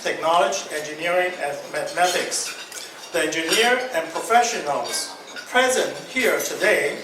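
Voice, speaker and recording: A man with a high voice speaks as a guest at an awards ceremony in a large banquet hall, reading a prepared letter with light joking asides. It's a formal ceremony speech, recorded noisily with a distant mic and echo.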